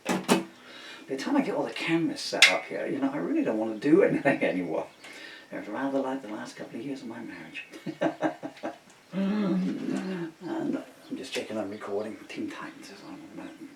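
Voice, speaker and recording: A man's voice: lowish voice, vocal fry. A man from the UK, a singer-songwriter, rambling in a casual joking monologue at home. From United Kingdom. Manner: joking, chuckling, digressive. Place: home room. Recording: roomy, distant mic, faint hiss.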